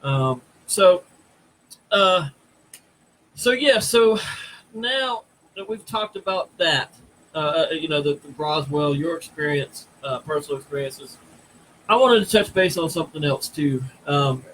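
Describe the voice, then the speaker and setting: Host guy on a live stream, lots of ums and uhs, kinda high voice, light hiss. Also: unhurried, fairly bright tone, rough recording. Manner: hesitant, many fillers. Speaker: podcast host. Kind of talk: casual live-stream chat.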